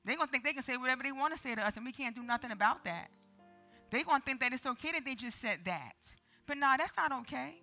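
Woman preacher, high bright voice, dramatic call-and-response sermon. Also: lively intonation, quick pace, soft background music.

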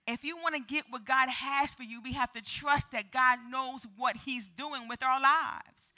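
Woman preacher, high bright voice, dramatic call-and-response sermon. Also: fairly even intonation, unhurried.

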